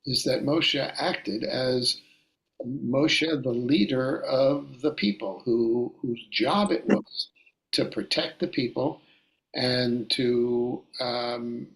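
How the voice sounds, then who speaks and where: A man teaching a Bible study lecture in a deliberate way, often repeating and restarting his phrases. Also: mid-range voice, vocal fry, a bit bright, rough recording. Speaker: Torah teacher.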